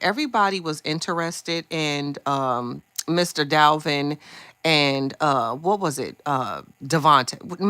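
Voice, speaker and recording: Low-voiced chatty gossip host, bright tone. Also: female voice, no echo. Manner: chatty, candid, gets heated and swears. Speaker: live stream host. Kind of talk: casual gossip chat to live viewers.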